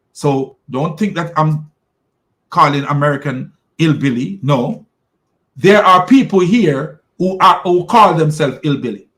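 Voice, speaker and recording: A man hosting a podcast, giving an emphatic, preachy religious commentary, slowing down to stress key words and often repeating himself as he restarts. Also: high voice, a bit bright. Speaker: podcast host.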